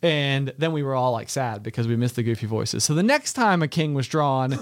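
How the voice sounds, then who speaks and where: A man's voice: medium pitch, animated, a little fast. A man from rural Virginia telling a rambling, playful story in casual chat. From Franklin County, Virginia.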